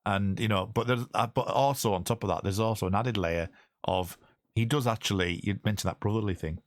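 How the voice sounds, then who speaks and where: Low voiced guy rambling on a podcast, dry close sound. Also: fairly quick, dry recording. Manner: rambling, many restarts. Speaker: podcast host. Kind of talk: casual chat.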